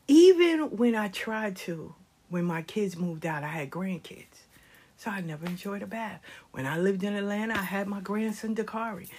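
A middle-aged woman sharing life lessons in a passionate, animated monologue, dropping into whispered asides. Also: mid-range voice, slightly rough. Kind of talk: conversational monologue.

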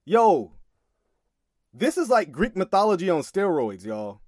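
High-voiced exasperated man reacting. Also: sing-song, unhurried, a little mellow, no echo, studio quality. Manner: exasperated, laughing, emphatic. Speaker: commentator reacting to a sermon clip. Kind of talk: casual reaction commentary.

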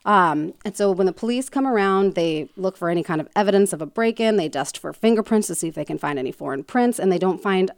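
A woman's voice: medium pitch, expressive, fast, few pauses, dry recording, studio quality. A woman hosting a podcast, casually retelling a true crime story with lots of fillers and joking asides. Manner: chatty, many fillers like "um" and "like", jokey asides.

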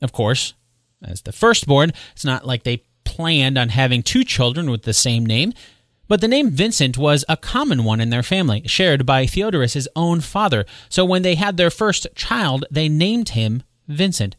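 A man hosting a solo podcast, retelling history in a conversational way with quick asides and self-corrections. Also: a little high, big pitch swings, fairly bright tone, no echo, clean studio sound. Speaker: podcast host. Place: home recording space.

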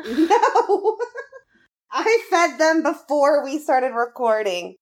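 A woman hosting a podcast in a casual, chatty way, laughing often. Her pitch swings widely as she talks. The recording is close and dry, with no room sound. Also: very animated, takes it slowly, no room sound. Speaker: podcast host. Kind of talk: casual chat.

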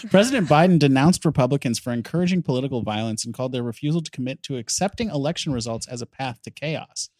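A man comedy writer who chats casually and readily agrees with others' pitches. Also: quick pace, a little mellow, no room sound. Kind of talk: casual writers-room chat.

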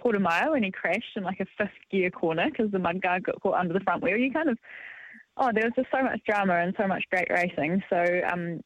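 A woman's voice: mid-range voice, brisk, dry recording. A woman talking casually on radio as a motorcycle racing pundit, enthusiastic and often filling with ums and yeahs. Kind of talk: casual radio sports chat. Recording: dull, dry lo-fi line.

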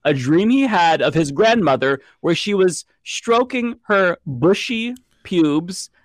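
Lively, emphatic man on a dry mic. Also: high voice, takes it slowly, no echo. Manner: animated, emphatic. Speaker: panelist. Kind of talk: casual panel chat.

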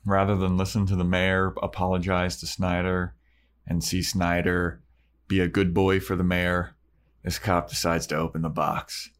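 A man's voice: sits low, completely flat delivery. A man co-hosting a podcast, casually retelling an episode's scenes and acting out the characters' lines. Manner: storytelling, acting out lines in quick snippets. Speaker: podcast co-host. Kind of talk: casual chat recapping an episode.

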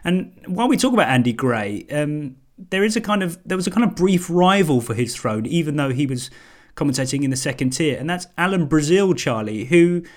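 A man hosting a casual football podcast, talking in halting, restarted phrases. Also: a little high, lively intonation. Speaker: podcast host. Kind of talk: casual chat.

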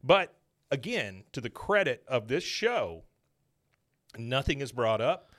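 Man from texas, podcast host, animated storyteller, medium pitch. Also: slow pace. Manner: animated storytelling, acts out character lines. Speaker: podcast host recapping an episode. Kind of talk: casual chat.

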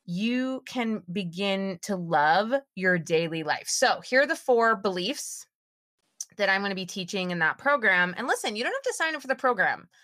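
A woman in her thirties, a podcast guest, tells a story in a casual interview at a moderate pace, lively and animated. Acting out quotes, her voice leaps up in big pitch jumps; the recording is dry and studio-clean.

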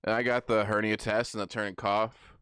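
A young man co-hosting a comedy podcast, trading dry, deadpan quips. His voice is fairly low and smooth. It sounds close-miked in a dead, dry space. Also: brisk, dry recording. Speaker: podcast co-host. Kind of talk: crude comedic chat.

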